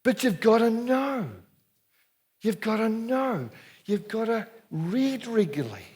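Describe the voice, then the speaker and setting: An older Anglican preacher with a New Zealand accent, telling stories to a hall of men. His voice sits high and swings widely up and down. He keeps it chatty and playful, often throwing questions out to the crowd. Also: takes it slowly, slightly rough. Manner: lively, jokey, chatty, asks the crowd questions. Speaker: Anglican minister, speaker. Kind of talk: storytelling sermon to a men's gathering.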